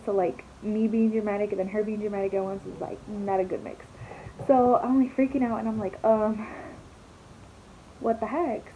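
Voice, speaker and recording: Young woman, slightly high voice, chatty and dramatic, dull recording with faint hiss. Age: young adult. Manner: chatty, dramatic, fillers and swearing. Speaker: vlogger. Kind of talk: casual storytelling vlog.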